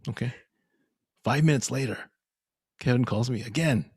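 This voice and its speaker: A young man co-hosting a podcast, telling a story in animated casual chat and laughing often. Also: medium pitch, normal speed, husky, dry recording, studio quality. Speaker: podcast co-host.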